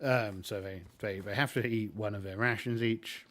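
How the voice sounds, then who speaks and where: A man's voice: on the low side, fairly even intonation, normal speed, a bit bright. A man playing a tabletop game alone, thinking aloud in a rambling way full of fillers. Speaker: solo tabletop game player. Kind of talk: casual solo game narration.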